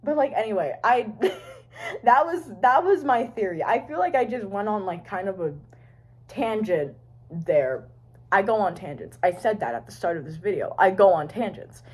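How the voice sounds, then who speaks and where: A woman's voice: mid-range voice, expressive, a little slow, darkish tone. A woman vlogger talking to her phone camera in a rambling, casual way, swearing and trailing off. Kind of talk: rambling casual fan chat.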